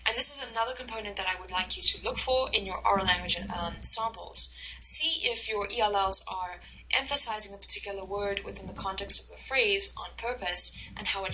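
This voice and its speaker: A woman instructor giving a recorded lecture over slides, explaining slowly and carefully with many fillers and restarts. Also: mid-range voice, noisy background.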